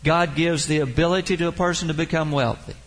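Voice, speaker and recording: A man preaching a sermon in an earnest tone, reading scripture and slowing down on key words for emphasis. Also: fairly high pitch, poor audio. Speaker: pastor.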